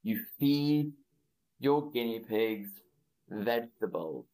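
A man leads a live English lesson for learners, speaking at a very slow, deliberate pace and repeating simple words. His voice sits in an ordinary middle range. He breaks off now and then to greet viewers in the chat by name. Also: medium pitch, lively intonation, mellow, rough recording. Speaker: English teacher.

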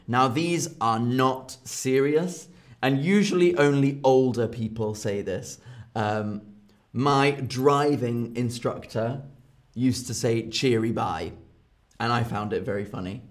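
Slow, playful British teacher. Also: male voice, mid-range voice. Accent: British English. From Britain. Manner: slow, playful, often laughing at his examples. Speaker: English teacher. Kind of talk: live-streamed English lesson.

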